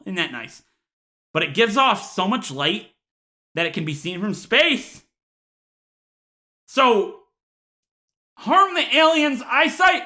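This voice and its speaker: A man doing a comedic rant to camera, mock-outraged with deadpan asides, sighs and laughs. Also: high voice. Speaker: YouTuber.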